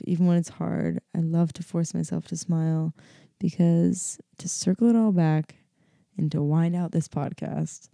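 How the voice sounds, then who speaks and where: A woman's voice: lowish voice, vocal fry, mellow, no room sound, studio quality. A woman in her early twenties hosting a casual solo podcast, rambling and upbeat with lots of fillers and laughter, and sounding sleepy. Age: 20s. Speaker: podcast host.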